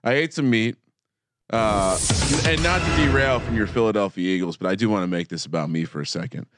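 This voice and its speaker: A man's voice: on the low side, a little fast, loud music behind the voice. A man co-hosting a sports betting podcast, teasing his partner in a playful, mock-serious way. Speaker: podcast co-host.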